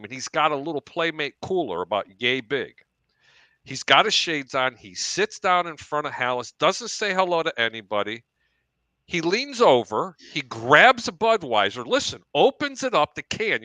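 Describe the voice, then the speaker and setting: A man hosting a sports talk show, telling long animated anecdotes with asides to his co-hosts. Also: a little high, no echo, rough recording. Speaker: host.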